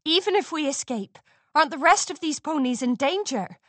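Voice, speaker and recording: Firm, commanding young pony, a bit higher as read by a woman. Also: animated, moderate pace, a bit bright, no room sound. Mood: urgent. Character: take-charge young mare pony, firm. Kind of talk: storybook reading.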